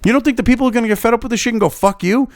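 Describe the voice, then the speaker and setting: A man's voice: extremely high pitch, racing, dry recording, clean studio sound. A man from New Hampshire giving angry, sarcastic, profanity-laden political commentary.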